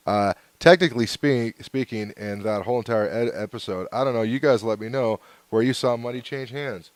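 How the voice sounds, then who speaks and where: A man's voice: mid-range voice, normal speed, few pauses, dry recording. A man hosting his own podcast, rambling casually through hate mail with lots of fillers and chuckles. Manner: laid-back and rambling, with frequent fillers and chuckles. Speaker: podcast host.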